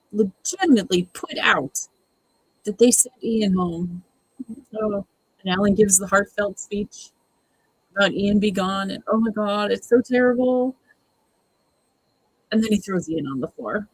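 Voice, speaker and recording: Watch-party host, husky mid-range voice, dry exasperated sarcasm. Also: medium pitch, expressive, normal speed, no room sound, rough recording. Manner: exasperated, sarcastic, mimics the cast. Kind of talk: casual live watch-along commentary.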